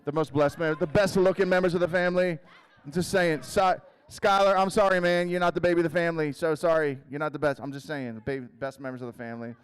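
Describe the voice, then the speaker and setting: A man with a somewhat raised voice preaches to a youth crowd, poking fun at them and asking quick show-of-hands questions. He tells his story in a loose, rambling way packed with fillers. The sound rings out with the long reverb of a large hall. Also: fairly high pitch, clean tone. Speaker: youth speaker. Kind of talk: comedic youth sermon.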